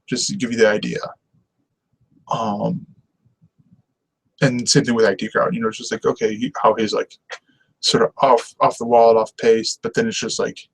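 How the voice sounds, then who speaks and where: A man's voice: medium pitch, vocal fry, a bit bright, husky, low-quality recording. A man hosting a casual TV review show, talking in an enthusiastic, rambling way and laughing often. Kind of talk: casual on-camera review chat.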